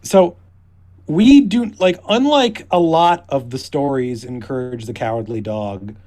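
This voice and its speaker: A man's voice: mid-range voice, animated, a little slow, darkish tone. A man co-hosting a casual podcast, starting his points hesitantly with fillers. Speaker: podcast co-host. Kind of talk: casual chat.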